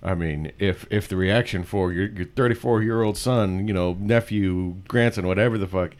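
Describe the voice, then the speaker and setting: A man's voice: low voice, normal speed, a little mellow. A man joking around in casual chat, swearing freely and often restarting his sentences. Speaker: podcast co-host.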